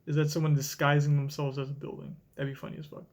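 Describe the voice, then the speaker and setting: An excitable young man on a live stream, reacting to a manga chapter and thinking out loud with plenty of swearing. His voice sits a little high for a man. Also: quick pace. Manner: excitable, profane, thinking aloud.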